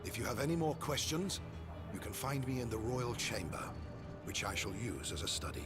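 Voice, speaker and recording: An actor playing a solemn, formal royal advisor in a video game, speaking in a measured way over music. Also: male voice, medium pitch, lively intonation, natural voice. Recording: quiet game audio with music behind.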